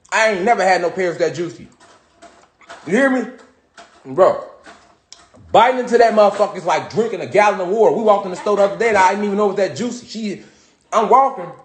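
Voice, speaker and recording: A man teaching a casual, rambling lesson from home, profane and full of repeated "you know what I'm saying.". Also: sits high. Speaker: spiritual teacher. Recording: roomy echo.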